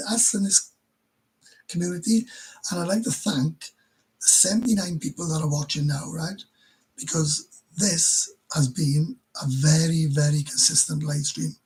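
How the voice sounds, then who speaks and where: A man's voice: fairly high pitch, a little mellow, breathy edge, low-quality recording. A Welsh man hosting a live stream, telling crude stories, swearing constantly and laughing as he goes. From Wales. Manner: crude, swears constantly, laughs mid-story, stumbles and restarts. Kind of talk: casual storytelling to viewers.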